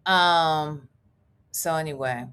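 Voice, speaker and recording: A woman's voice: low voice, slow pace, a bit bright, clear, resonant tone. A middle-aged woman, chatting casually on a live reaction stream, reading comments and wandering off topic with swearing and laughing asides.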